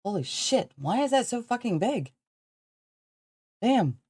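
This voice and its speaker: A woman's voice: on the high side, very animated, takes it slowly, dark tone, husky, dry recording, studio quality. A woman with a Southern accent hosting a podcast livestream, rambling casually, swearing freely and laughing often. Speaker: podcast host.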